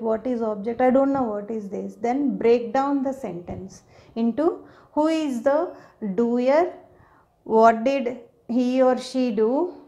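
A female English teacher explains grammar to viewers slowly and patiently, taking her time. Her voice is a little high yet dark in tone, and she keeps asking "okay?" to make sure everyone is keeping up.

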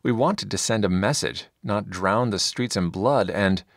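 A man's voice: unhurried, no echo, studio quality. A man voicing an exasperated, pleading knight in an audiobook, the voice of reason among zealots. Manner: pleading, exasperated, higher-pitched.

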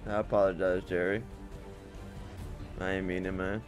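A man's voice: low-pitched, little pitch movement, moderate pace. A young man giving casual gameplay commentary, teasing another player and laughing a lot. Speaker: gaming video creator. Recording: background music under voice.

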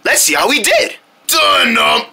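A woman voicing homemade parody cartoon ads, playfully jumping between character voices and shouted cries. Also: fairly high pitch, wildly swooping pitch, measured pace, heavy background noise.

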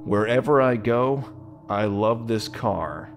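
A man's voice: medium pitch, takes it slowly, noisy background. A man hosting a let's-play video, giving joking, sarcastic commentary as he plays. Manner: animated, joking, sarcastic asides. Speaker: gaming video host.

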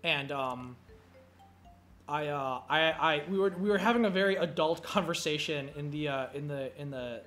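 Faint game music plays as a young gameplay commentator tells rambling, profane stories full of fillers. He speaks at normal speed in a fairly high, slightly bright voice.

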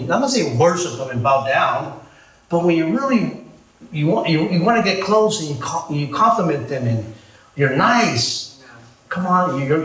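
A man preaching as a pastor, joking and calling out to his congregation in a lively sermon. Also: a little high, reverberant, recorded from a distance, poor audio. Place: church.

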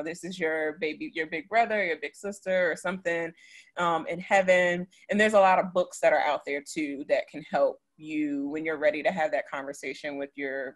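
Woman, lowish voice, interview host, supportive and affirming. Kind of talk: conversational interview.

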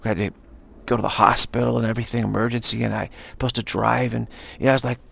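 A man's voice: lowish voice, level tone, fast, fairly bright tone. An American man talking in a rambling monologue, emphatic and repetitive, with many restarts. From United States. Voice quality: gravelly, husky. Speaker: speaker sharing personal views.

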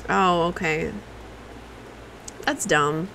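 A woman's voice: on the low side, steady tone, very slow, creaky, sharp tone, slight background noise, rough recording. A woman livestreaming a video game, reacting with curses and chatting to her viewers. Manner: profane, reactive, talks to chat. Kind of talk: casual live gameplay commentary.

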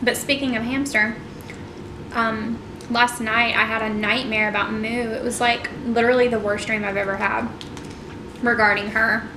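A woman's voice: fairly high pitch, flat delivery, normal speed, background noise. Chatty young woman in an echoey room. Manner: chatty, many fillers. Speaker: vlogger. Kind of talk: casual mukbang chat. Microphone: camera mic.

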